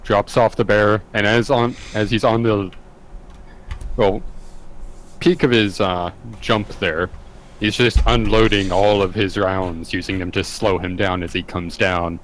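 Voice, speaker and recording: A man with a low voice describes his character's moves in a tabletop game. He talks slowly, pausing often and filling the gaps. A faint hiss runs behind him. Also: steady tone, poor audio. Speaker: player.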